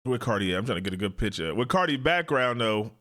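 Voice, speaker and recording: Animated man reacting casually. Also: fast talker. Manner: animated, jumps into high mocking impressions. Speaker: host. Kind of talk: casual commentary on a court video.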